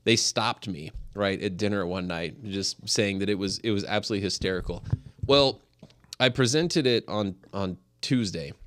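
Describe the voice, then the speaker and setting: A man's voice: on the low side, moderate pace, a bit bright. A man from Colorado, a podcast co-host, telling a story in casual chat and laughing often.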